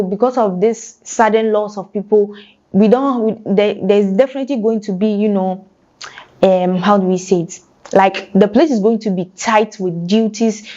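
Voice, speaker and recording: A woman's voice: mid-range voice, a little mellow, dull audio. A young Ghanaian woman giving casual, emotional spoken commentary, often repeating phrases and sighing between fillers. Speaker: news commentator.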